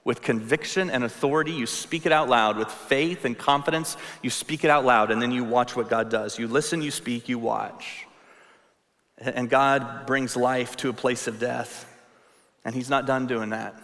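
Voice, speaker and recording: A male pastor delivers a sermon in an earnest, emphatic way, driving his points home through repetition. His voice is bright and forceful, and a long reverb trails each phrase as if he speaks in a large hall. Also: medium pitch, moderate pace.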